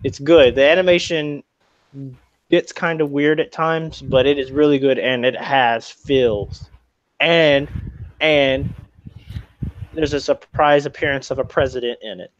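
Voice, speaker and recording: A man's voice: mid-range voice, steady tone, a little slow, dry recording. A man on a casual podcast recommending shows, hesitant and stumbling over his openings. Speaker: podcast co-host. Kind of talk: casual chat. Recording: dull lo-fi mic.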